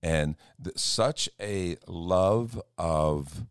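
A pastor with a very low, deep voice chats in an earnest, storytelling way. He acts out little quoted exchanges as he goes, and the sound is dry and close. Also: lively intonation, normal speed, no echo. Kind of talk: casual chat. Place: church.

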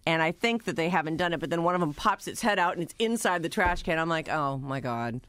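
Animated co-host telling stories, casual banter, dry close sound. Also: mid-range voice, quick pace, clean tone, no echo. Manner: animated storyteller, laughs while telling anecdotes. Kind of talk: casual chat.

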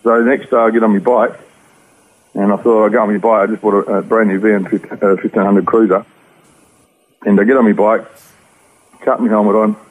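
An Australian man tells his story at a rapid clip, his low voice husky and rough. He talks in slang and plain words. The sound is thin and tinny, as over a phone line. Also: flat delivery. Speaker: interview guest. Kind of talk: personal testimony.

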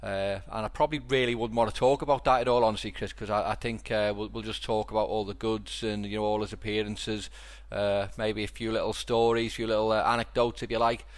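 A man's voice: lowish voice, level tone, a little fast, few pauses. A middle-aged man with a Liverpool accent, hosting a podcast and telling stories in a rambling, casual way with many restarts. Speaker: podcast host. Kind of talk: casual chat.

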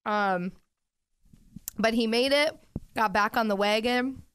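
In a slow, fairly bright, clean voice on the high side, a young woman co-hosting a podcast chats casually about her weekend. She's a talkative storyteller who leans on "like" and "um" and now and then speaks while eating.

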